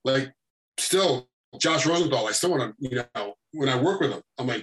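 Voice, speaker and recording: A middle-aged man, a combat sports referee, telling animated stories in a casual chat and acting out what people said. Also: medium pitch, normal speed, rough recording. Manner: animated storytelling, acting out quotes. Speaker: MMA referee, guest.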